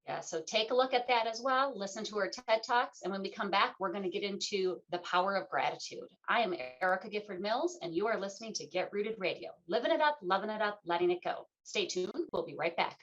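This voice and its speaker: A middle-aged woman hosting a talk radio show, chatting in a lively, playful way and acting out the voices she quotes. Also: medium pitch, fairly quick, hardly any pauses. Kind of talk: casual conversational interview. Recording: dull lo-fi sound.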